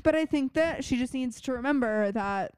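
Smooth-voiced woman podcast co-host. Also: sits high, normal speed, darkish tone, no room sound, studio quality. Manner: casual and blunt, swears, laughs often. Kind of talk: casual TV recap chat.

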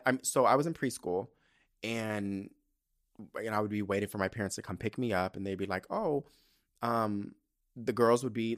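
A young man hosting his own podcast, ranting and telling stories in a sassy, profane, animated way. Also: mid-range voice. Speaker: podcast host. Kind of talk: casual solo podcast rant.

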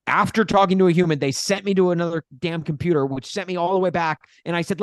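Guy cohosting a football podcast, rambly and animated, dry close mic. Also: on the high side, brisk, no echo. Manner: rambling, animated storytelling with exasperated asides. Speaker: podcast co-host. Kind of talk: casual sports podcast chat.

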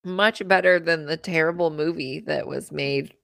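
A woman's voice: low voice, moderate pace, creaky, fairly bright tone, no room sound, clean studio sound. A woman co-hosting a podcast, reacting and chatting casually with her co-host. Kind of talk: casual chat.

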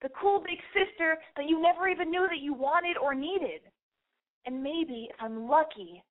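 Casting note: woman host, rapid, frantic, profane, self-mocking, higher voice, thin phone-line sound. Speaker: podcast host. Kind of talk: call-in advice podcast monologue.

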